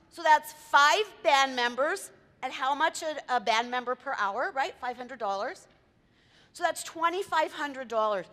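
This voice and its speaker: A woman's voice: sits high, expressive, measured pace, pushed and bright. A woman event planner giving a chatty talk to a live audience, quizzing the room and telling anecdotes. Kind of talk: lively presentation to a live audience. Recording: reverberant hall.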